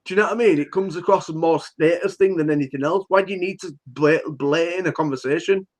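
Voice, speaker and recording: A British man on a casual banter podcast who mostly agrees with his co-host, with a voice a touch higher than average. When he does make a point, his speech comes out in halting, stop-start bursts.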